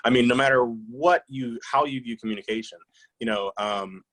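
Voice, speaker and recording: In a poor recording, a man in his thirties or forties, an author, answers interview questions with a medium-pitched, slightly bright voice at normal speed. His replies are reflective and anecdotal, full of fillers and restarts.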